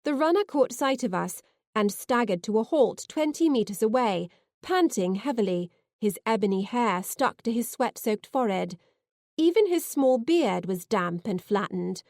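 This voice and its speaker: A woman narrating a science fiction novel in the first person, expressive and heartfelt. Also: on the high side, normal speed, dry recording, studio quality. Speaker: audiobook narrator.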